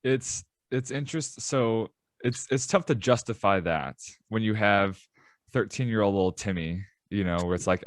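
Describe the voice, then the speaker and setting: A man hosting a podcast, chatting relaxed and thinking aloud in a conversational interview. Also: on the low side, normal speed, dry recording, studio quality. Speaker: podcast host.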